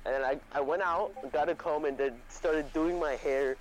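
A man's voice: on the high side, fairly even intonation, normal speed, a little hiss or hum, rough recording. A young man hosting a casual chat, telling a story in a rambling, profane way with lots of fillers and restarts. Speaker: podcast host.

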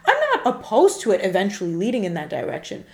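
Animated woman in a roomy room. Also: mid-range voice, quick pace. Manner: animated, acts out quoted texts. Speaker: podcast co-host. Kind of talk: casual chat, storytelling.

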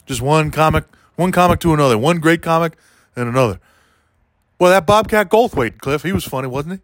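A man doing a rambling, deadpan comedy monologue, talking to a listener by name as he goes. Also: fairly high pitch, brisk, no room sound, studio quality. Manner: meandering, deadpan, keeps addressing a listener by name.

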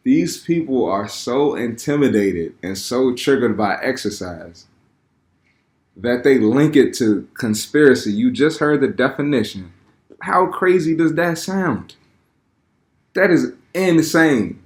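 A man's voice: mid-range voice, lively intonation, takes it slowly, roomy sound. A man giving blunt, slangy reaction commentary on a clip, often repeating words as he gets heated. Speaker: fitness commentator reacting to clips.

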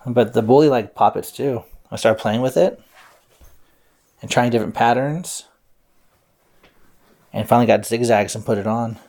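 A man's voice: medium pitch, normal speed, long pauses, a little mellow. A man improvising a bedtime story aloud, playful, with silly sound effects.

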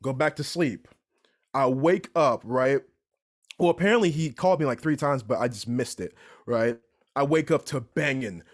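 A young man telling a story in casual chat, animated and repeatedly asking "right?". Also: medium pitch, normal speed. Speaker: podcast guest storyteller.

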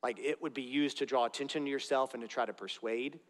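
This pastor talks fast, his medium-pitched voice holding a steady tone through an earnest, direct sermon. He breaks off now and then for conversational asides to the congregation. The church sanctuary gives the sound a long, large-hall reverb.

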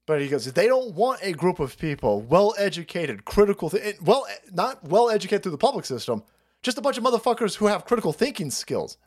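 High, animated foul-mouthed male ranter. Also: a little fast. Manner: foul-mouthed, animated, mocking voices of opponents. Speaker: livestream host. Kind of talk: profane political rant.

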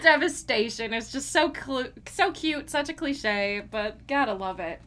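Bright, slightly high woman co-host, giggly and gushing, casual. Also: animated, measured pace. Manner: giggly, gushing, quotes lines in put-on voices. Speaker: podcast co-host. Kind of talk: casual chat.

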